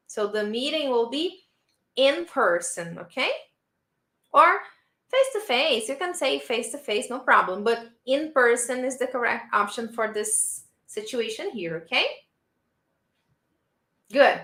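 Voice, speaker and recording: A woman's voice: fairly high pitch, bright, forceful tone. A woman teaching a live online English lesson, patiently repeating model sentences for her students. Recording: roomy echo.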